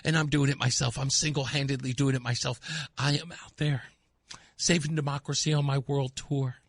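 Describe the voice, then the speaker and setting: A man doing a mocking impression of a tired, self-pitying male senator, breathy and sighing. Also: medium pitch, fairly even intonation, moderate pace, no echo, pitched below the performer's own voice. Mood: mock-weary. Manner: breathy, sighing, mock-exhausted. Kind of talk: mocking impression on talk radio.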